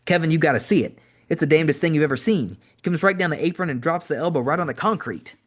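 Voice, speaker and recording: A man doing an excited wrestling manager who talks in a rapid machine-gun burst, pitched a little above a normal speaking voice. The lines come quick and eager, one pitch after another, in an audiobook reading. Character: fast-talking excited male wrestling manager.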